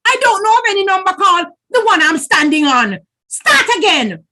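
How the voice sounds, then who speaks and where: A woman voicing a greedy, tricky male spider who coaxes sweetly and then shouts in a high voice. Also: slow pace. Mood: furious. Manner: sweet wheedling voice turning to shrill shouting.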